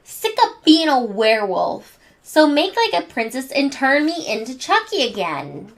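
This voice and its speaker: Woman playing a scared little boy, high, shaky, stammering. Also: big pitch swings, a little slow, vocal fry, exaggerated voice. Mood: anxious. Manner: stammering, anxious. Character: timid nervous little boy toddler.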